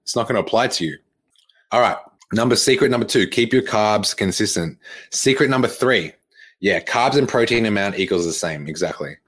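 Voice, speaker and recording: A man's voice: on the low side, expressive, fairly quick, fairly bright tone. A young man, coaching fitness on a live podcast stream in a blunt, repetitive way with lots of fillers and swearing.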